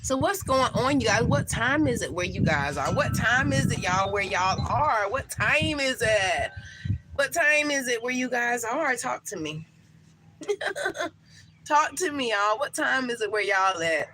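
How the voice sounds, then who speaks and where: Woman in her thirties, bright tone, live-stream chat, faint outdoor ambience. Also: fairly high pitch, animated, moderate pace, a little hiss or hum, low-quality recording. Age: 30s. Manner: warm, emotional, talks to viewers with many fillers. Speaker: livestream host.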